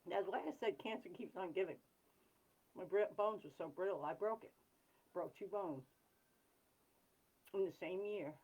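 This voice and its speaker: A woman hosting a live chat, talking in an earnest, rambling way with frequent pauses and apologies. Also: fairly low pitch, darkish tone, husky, highs cut off. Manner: blunt and self-deprecating. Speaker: livestream host.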